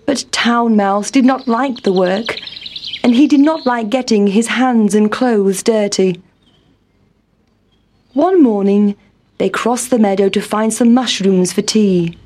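A woman reading a children's story aloud in a gentle, clear storybook manner. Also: medium pitch, takes it slowly, a little hiss or hum.

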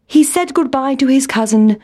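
A woman narrating a children's story in a gentle, unhurried way. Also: sits high, animated. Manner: slow, gentle storybook reading. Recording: music playing behind the voice.

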